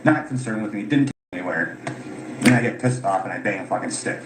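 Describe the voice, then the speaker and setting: A man's voice: fairly low pitch, fast. A tired, frustrated man recounting his grievances, swearing often as he talks. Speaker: caller telling his story. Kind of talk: unscripted recorded account. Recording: echoey room with loud background noise.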